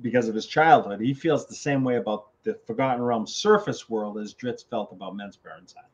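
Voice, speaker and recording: An older male author in a casual interview, telling animated stories and acting out conversations. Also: medium pitch, a little fast, husky. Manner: animated, acts out quoted phone calls. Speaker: author guest. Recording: slightly dull lo-fi audio.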